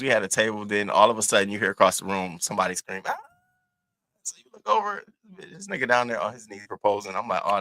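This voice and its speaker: A man hosting his own channel, telling a casual story to his viewers in an animated, profane, chatty way. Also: sits low, dry recording. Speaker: host.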